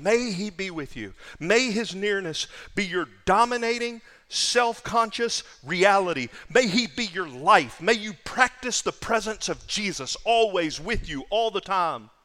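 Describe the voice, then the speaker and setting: A male pastor preaching with emphasis, his voice high and bright, leaning hard on repeated phrases. His words ring out with a long hall reverb behind them. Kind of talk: sermon.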